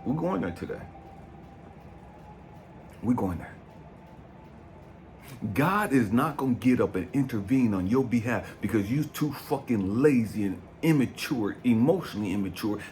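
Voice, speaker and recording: A man in his fifties, a life coach giving a blunt, profane motivational talk. He swings from low brooding to loud, fired-up preaching. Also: expressive, moderate pace, pauses often, a little hiss or hum. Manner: blunt and profane, keeps asking "you know what I mean". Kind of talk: impassioned motivational monologue.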